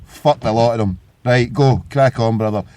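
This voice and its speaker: A man's voice: mid-range voice, normal speed, mellow. A Scottish man hosting a podcast, ranting in a combative, sweary, insistent way. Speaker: podcast host. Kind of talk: casual podcast rant.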